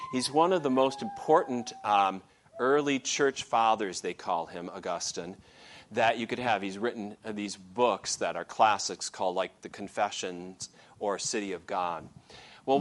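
A man's voice: on the low side, a bit bright. A male pastor preaching a sermon in a conversational way, with frequent "okay" check-ins and fillers.

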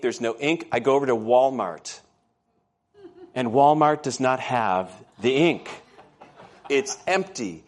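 A man preaching a sermon in church, telling stories and often asking the congregation questions. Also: on the high side. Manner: storytelling, conversational, asks the congregation questions. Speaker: pastor.

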